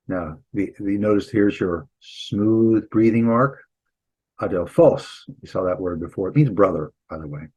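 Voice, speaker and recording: A man with a husky, lowish voice gives a classroom lecture on Greek grammar. He explains things casually, breaking off to restart sentences and throwing in light asides. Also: poor audio. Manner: relaxed, chatty teaching with restarts and asides. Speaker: Greek instructor and pastor.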